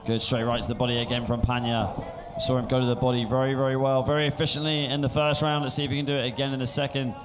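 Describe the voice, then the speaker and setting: A man giving live blow-by-blow boxing commentary with brisk play-by-play calls that lift at big moments. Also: mid-range voice, little pitch movement, background noise. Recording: commentary over loud music.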